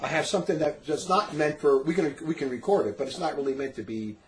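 A middle-aged man with a rather high voice tells a story in casual conversation. He is animated and laughs often. He slips into the voices of the people in his tale. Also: quick pace, a little hiss or hum, low-quality recording. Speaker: storyteller in a religious talk recording.

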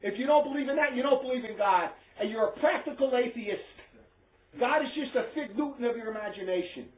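A man's voice: very high-pitched, brisk, a little hiss or hum. A man preaching to a small group in a blunt, emphatic, scolding way. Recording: echoey tinny phone-like recording.

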